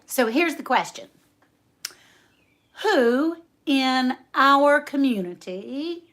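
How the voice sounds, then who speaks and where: Slow, chatty woman hosting a livestream. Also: a little high. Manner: chatty, laughs often, reads viewer names aloud. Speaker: homestead channel host. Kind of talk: casual livestream chat.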